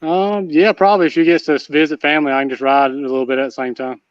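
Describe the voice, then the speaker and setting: Fast-talking man from the US South on a dull line. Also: on the high side, fairly even intonation, clear, resonant tone, no echo. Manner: talks fast with many uhs and restarts. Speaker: guest. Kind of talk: casual livestream chat.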